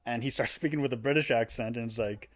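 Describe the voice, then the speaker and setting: A fast-talking man with a medium-pitched voice recounts a video game's story on a podcast he co-hosts. It's a casual, animated chat where he slips into character voices and laughs while acting out lines.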